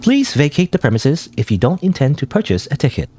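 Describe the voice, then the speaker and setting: A man's voice: on the high side, big pitch swings, a little fast, mellow, slight background noise, pitched above the performer's own voice. Automated announcer, officious, cold, man voicing her, game dialogue.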